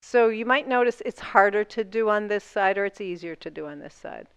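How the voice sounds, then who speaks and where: A woman's voice: medium pitch, fairly quick, clear, resonant tone, dry recording. A woman instructor guiding a seated yoga class, talking through each movement step by step in an encouraging way.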